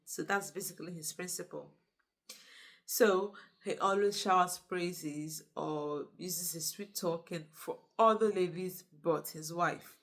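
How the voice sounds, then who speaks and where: Casting: woman, relaxed film recap, slightly low voice, talkative asides. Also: a little slow. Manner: chatty, with conversational asides. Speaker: movie reviewer. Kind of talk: casual movie recap narration.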